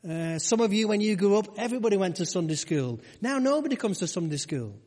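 A man's voice: high-pitched, expressive, quick pace, a little mellow. A man preaching a conversational sermon, full of rhetorical questions and asides to the congregation. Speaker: pastor. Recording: long hall reverb.

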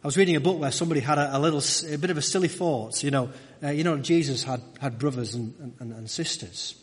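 A man's voice: a little high, fast, husky, in a large hall. A man preaching a sermon in a conversational way, with asides and frequent restarts.

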